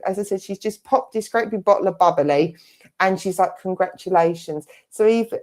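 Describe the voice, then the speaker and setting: Speaking warmly at medium pitch, a middle-aged spiritualist medium delivers a clairvoyant reading over an online service stream. She keeps things conversational and chatty, frequently breaking into little quoted asides while passing messages to her sitter.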